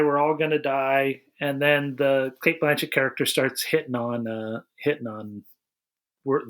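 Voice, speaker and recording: A man co-hosting a podcast, rambling through a casual movie review with lots of restarts. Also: a little high. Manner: rambling, restarts often, animated retelling. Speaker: podcast co-host.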